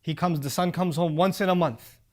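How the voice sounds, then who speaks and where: A male preacher giving a religious talk on parenting, speaking earnestly, repeating key phrases for emphasis and reciting Arabic scripture quickly. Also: a little high, fairly even intonation, a little mellow. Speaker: Islamic preacher.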